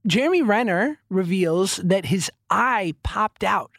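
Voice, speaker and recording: A man's voice: high-pitched, animated, measured pace, creaky, a bit bright, no echo, clean studio sound. A man co-hosting a podcast, chatting in a playful, teasing way. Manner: playful, teasing, laughs often. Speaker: podcast co-host. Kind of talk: casual chat.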